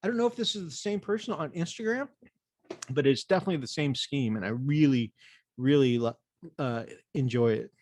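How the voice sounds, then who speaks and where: A male livestream host chatting loosely, circling back on his words with plenty of hesitation. His voice sits mid-pitch and the sound is close and dry. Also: brisk, a little mellow, no echo. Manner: rambling, many fillers and restarts. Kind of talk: casual livestream chat.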